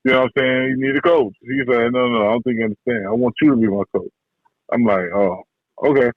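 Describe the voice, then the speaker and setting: A man who trains boxers tells stories about his mentor in a relaxed, slangy way, often repeating himself. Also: medium pitch, fast, no room sound. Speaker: boxing trainer, guest. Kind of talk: casual interview talk. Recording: dull podcast audio, dry.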